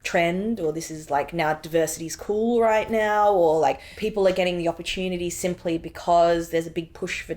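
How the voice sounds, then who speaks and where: A woman in her thirties, a filmmaker and actor, talking in a casual interview with lots of "like" and "you know," telling stories animatedly and acting out her own reactions. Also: on the low side. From Australia. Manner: animated storytelling, acts out her past reactions; frequent fillers like "like" and "you know".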